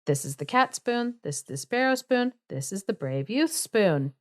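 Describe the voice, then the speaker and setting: A woman's voice: on the high side, big pitch swings, moderate pace, pitched above the performer's own voice. A woman voicing an old witch who is fussy and greedy, with a comic, modern-slang delivery in a casual podcast retelling.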